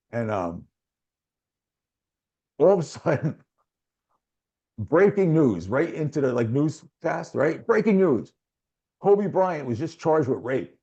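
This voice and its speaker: A man's voice: mid-range voice, husky, muffled recording. A middle-aged man, a guest telling a long personal story in casual chat and acting out what others said. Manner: animated, acts out other people's lines, chuckles often.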